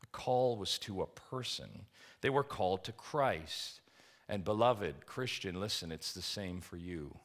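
A man preaching a sermon in an earnest way, asking the congregation questions and swinging from emphatic peaks to soft, quiet lines. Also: sits low. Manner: asks the congregation rhetorical questions. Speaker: pastor.

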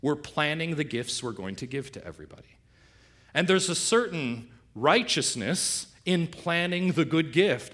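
A man's voice: on the high side, animated, a little slow, fairly bright tone. A middle-aged male pastor preaching a sermon, asking rhetorical questions and swinging his voice up for emphasis.

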